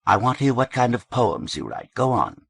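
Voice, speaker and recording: A man reading the lines of a soft-spoken young woman who teases with dry wit in an audiobook. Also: mid-range voice, big pitch swings, normal speed, gravelly, breathy edge, dry recording, voice pushed up, full character voice. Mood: wry. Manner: soft, wry.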